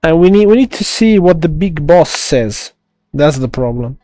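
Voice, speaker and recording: A man with an Italian accent, streaming a game live and chatting to viewers in a rambling, halting way, with many restarts and laughs. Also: fairly high pitch, animated, warm tone, no room sound, soft background music. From Italy.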